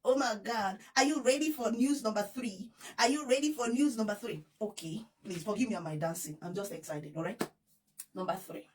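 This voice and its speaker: A woman with a Nigerian accent hosting an excited news vlog, effusive and giggly, repeating her appeals to viewers. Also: fairly high pitch, fairly quick, distant mic, a little hiss or hum. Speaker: vlogger.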